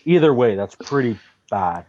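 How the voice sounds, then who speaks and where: A man co-hosting a podcast, chatting about hockey in a casual way, thinking aloud and getting animated. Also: medium pitch, moderate pace. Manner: thinks aloud with fillers and restarts, then gets animated. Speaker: podcast co-host. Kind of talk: casual sports chat. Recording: dull lo-fi audio.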